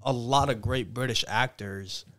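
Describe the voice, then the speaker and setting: A man co-hosting a reaction video, talking in a slangy, animated way. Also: medium pitch, unhurried, slight background noise. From New York. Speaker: co-host. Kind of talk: casual reaction chat.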